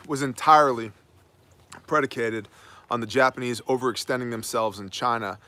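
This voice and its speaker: A man hosting a daily news commentary with a bright, forceful edge to his voice. He speaks emphatically and preaches a little, breaking off for wry asides. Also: medium pitch, expressive, moderate pace. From United States. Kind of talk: opinionated daily news monologue.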